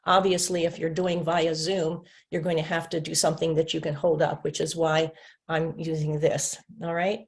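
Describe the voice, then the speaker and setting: This woman has a low-pitched voice with a level tone, vocal fry, and a moderate pace. She is training teachers in a webinar demonstration, patiently elongating and tapping speech sounds one by one while voicing both teacher and student, sometimes responding as her own student.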